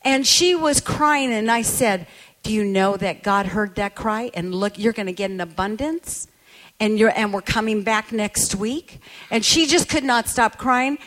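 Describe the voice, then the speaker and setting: A woman's voice: medium pitch, unhurried, fairly bright tone. A woman preacher telling a story in a sermon, emphatic and quoting people as she goes.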